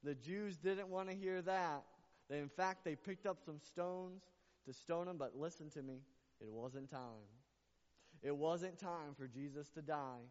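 A man's voice: a little high, unhurried, a little mellow. A man preaching a sermon to his congregation, emphatic and repetitive, building his points through repeated lines. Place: church service. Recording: dull lo-fi with long reverb.

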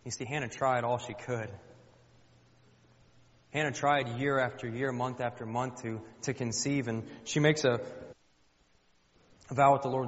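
A male pastor preaches in an easy, conversational manner and keeps turning to the congregation with questions. His voice sits at an ordinary middle pitch. The sound is dull and slightly muffled, with a long reverb hanging in a large church hall. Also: steady tone, measured pace, long pauses. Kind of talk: sermon.

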